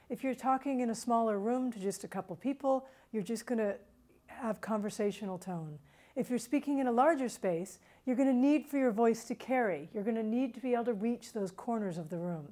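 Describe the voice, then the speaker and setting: A woman giving an instructional talk on vocal delivery, demonstrating tips with a varied pitch and pace. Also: warm tone. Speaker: writing center instructor.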